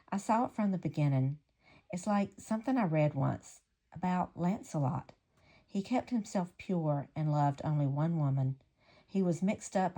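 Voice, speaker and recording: Young guy, kind singer, soft and pleading, read by a woman with a low warm voice.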